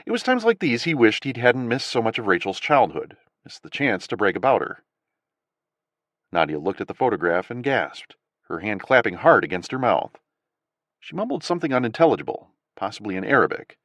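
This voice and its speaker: A man narrating an audiobook in an expressive, varied storytelling manner. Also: lowish voice, brisk, no room sound. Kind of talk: scripted narration.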